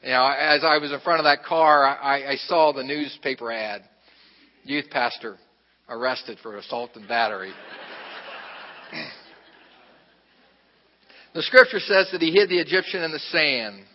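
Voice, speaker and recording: A man's voice: medium pitch, unhurried, long pauses. A man preaching a sermon, telling a personal story in a conversational, self-deprecating way, with asides to the congregation. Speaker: pastor. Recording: reverberant, muffled hall recording.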